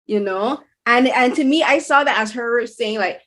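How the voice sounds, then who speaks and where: A woman's voice: fairly high pitch, normal speed, hardly any pauses, a bit bright. A woman hosting an interview, asking long, enthusiastic questions with a lot of emphasis. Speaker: interviewer, show host. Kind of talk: conversational interview.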